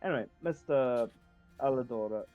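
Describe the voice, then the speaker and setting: A man's voice: medium pitch, normal speed, mellow, lo-fi sound, soft background music. A man playing a tabletop game, chatting casually in a hesitant, joking way. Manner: hesitant, joking, with many fillers. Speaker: player.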